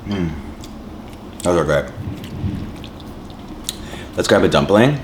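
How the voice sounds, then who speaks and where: Guy with a really deep voice chatting over a meal, lots of "like", little hiss in the back. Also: lively intonation, takes it slowly. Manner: rambling, says "like" a lot, chews and hums between lines. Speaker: mukbang vlogger. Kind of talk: casual chat while eating.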